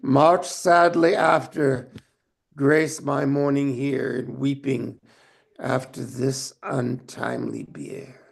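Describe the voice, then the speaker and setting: A man's voice: mid-range voice, fairly even intonation, slow, vocal fry, breathy edge. A man on a video call reading a speech in an amateur online play reading, with the hiccups. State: has the hiccups. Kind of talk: Shakespeare reading, then casual chat.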